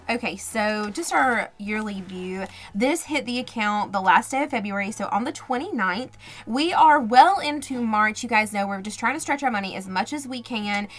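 A budgeting channel host chats casually to camera while unboxing, gushing with gasps and little exclamations. Her voice is on the high side and a bit bright.

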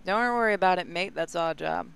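A man voicing a crude, gruff Australian male ghost-hunter boss who talks bluntly and swears while giving orders. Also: sits high, brisk, a bit bright, a little hiss or hum. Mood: instructing.

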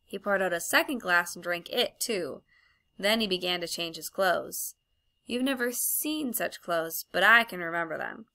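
Female audiobook narrator, even storytelling, crisp and bright tone. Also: fairly low pitch, moderate pace. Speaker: audiobook reader.

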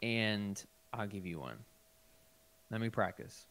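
A male podcast host with a lowish voice keeps the chat casual. He runs the segment, reads out voicemails and laughs easily with his co-hosts. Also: animated, slow pace, fairly bright tone.

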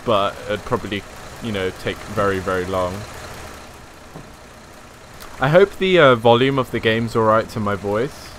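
Man, young, casual game streamer, low-pitched, faint engine noise. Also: unhurried, long pauses, a bit bright. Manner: chatty, easygoing, laughs at himself. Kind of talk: casual live gameplay commentary.

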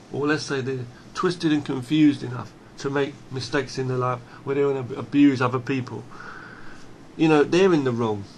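Speaking straight to camera, a man delivers a blunt, emphatic unscripted monologue, swearing freely and often restarting phrases. His voice is fairly high, with a little hiss or hum on the recording.

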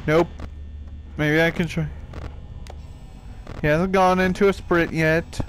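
Young guy freaking out over a horror game, cussing a lot, slow drawn-out talk. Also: on the high side, steady tone, a little hiss or hum. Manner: panicky, swearing, talks to the game characters. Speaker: gaming youtuber. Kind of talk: let's play commentary.

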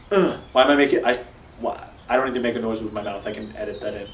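A young man doing a silly comedic vlog with exaggerated reactions and deadpan asides. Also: fairly low pitch, quick pace, background noise. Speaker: YouTuber. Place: room with green screen. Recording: echoey room, from a distance, faint music.

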